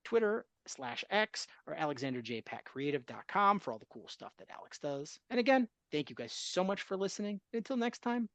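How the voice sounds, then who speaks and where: A man's voice: sits high, sing-song, a little fast, hardly any pauses, fairly bright tone, a little hiss or hum. Chuckling male sports podcast host. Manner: chuckling, joking. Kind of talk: casual sports chat.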